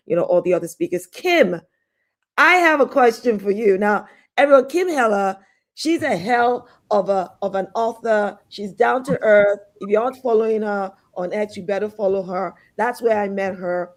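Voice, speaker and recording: A woman's voice: mid-range voice, moderate pace. A woman hosting an online panel, introducing guests with enthusiasm and encouragement. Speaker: host.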